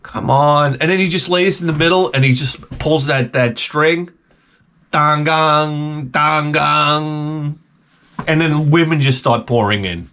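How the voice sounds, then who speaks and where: Male host, lively rambling storyteller, slightly high voice, big swoops in pitch. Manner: animated, jumps between impressions and asides. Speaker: channel host.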